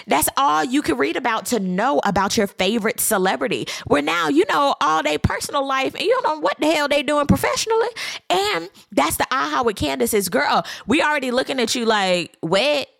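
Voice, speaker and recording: A woman, giving a sassy, animated recap as a reality TV host. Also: fairly quick, gravelly, dry recording, clean studio sound. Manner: sassy, animated commentary with dramatic pitch swings. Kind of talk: casual chat.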